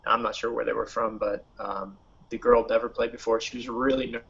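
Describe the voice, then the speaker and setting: A man who designs games, talking in a relaxed, conversational way on a podcast panel, posing questions and sharing stories. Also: medium pitch, brisk, gravelly. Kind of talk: casual panel discussion. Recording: dull lo-fi recording.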